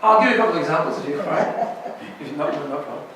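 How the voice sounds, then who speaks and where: A man's voice: on the high side, expressive, fast talker, a bit bright, recorded from a distance, slight background noise. Chatty rabbi man in an echoey room. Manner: chatty, keeps asking "right?". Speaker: rabbi teaching a class. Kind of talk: informal Torah lesson.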